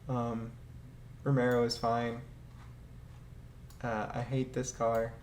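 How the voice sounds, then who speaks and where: A man's voice: mid-range voice, little pitch movement, drawn-out words. A man casually ranking game vehicles, rambling and hesitant, swearing now and then and laughing often. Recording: echoey room with faint ambient noise.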